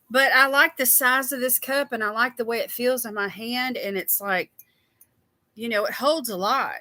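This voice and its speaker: A woman's voice: fairly high pitch, a little slow, bright, forceful tone, no echo. A woman hosting a casual skincare livestream, chatty and tired, greeting viewers by name.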